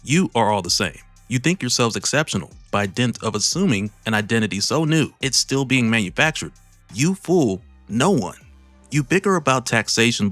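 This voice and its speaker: A man's voice: medium pitch, fairly bright tone, no echo, lightly acted. A man reading the lines of an imperious armored villain monarch in a grand, formal, commanding way. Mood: scornful. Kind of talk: read-aloud comic narration.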